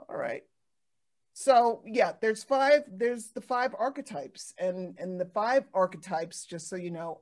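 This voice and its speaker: A woman hosting a casual talk show, telling stories in an animated way with many restarts and fillers. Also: on the low side. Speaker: podcast host. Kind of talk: casual chat.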